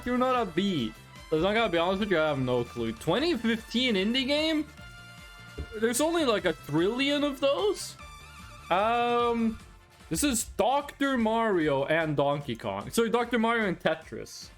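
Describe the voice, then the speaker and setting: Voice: mid-range voice, measured pace, soft background music. A native Norwegian speaker streaming games from a room at home, rambling and joking in casual chat, swearing now and then. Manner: animated, rambling, jokey, swears. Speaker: game streamer.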